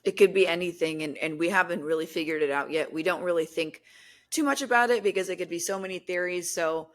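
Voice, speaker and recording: A young woman telling a story in casual podcast chat, animated, acting out quotes with lots of fillers. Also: on the low side, fast. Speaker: guest, paranormal content creator.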